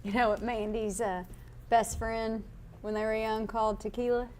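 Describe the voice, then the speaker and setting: A woman's voice: on the high side, little pitch movement, a little mellow, a little hiss or hum. Woman co-host joking on local TV. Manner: teasing, quick to laugh. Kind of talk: casual on-air banter. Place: TV studio.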